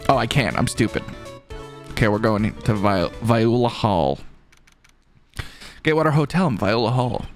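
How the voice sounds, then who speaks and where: A man's voice: mid-range voice, animated, normal speed, pauses often, faint music behind. A man reading and voicing a game aloud with wry asides. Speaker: let's play voice actor. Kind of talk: voiced game playthrough with banter.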